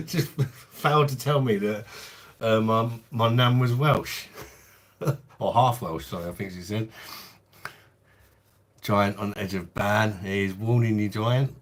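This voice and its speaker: A man's voice: on the low side, moderate pace. A man in his late thirties with a London accent, chatting casually on a beer review livestream and answering viewer comments in a laid-back way. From London, England. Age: 30s. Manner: laid-back, chatty, says mate a lot.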